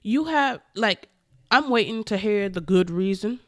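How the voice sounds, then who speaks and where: A woman vlogger giving casual opinion commentary, animated and profane, with emphatic outbursts. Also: medium pitch, unhurried, dry recording, studio quality.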